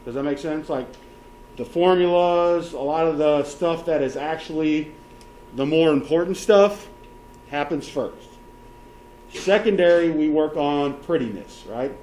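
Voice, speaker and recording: A male teacher giving a classroom software lesson step by step, often checking that everyone is following and counting options aloud. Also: fairly high pitch, measured pace, slight background noise.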